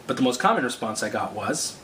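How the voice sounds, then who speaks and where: A young man, a student prankster, telling his story in a casual, deadpan vlog narration. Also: medium pitch, brisk, distant mic. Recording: echoey room with background noise.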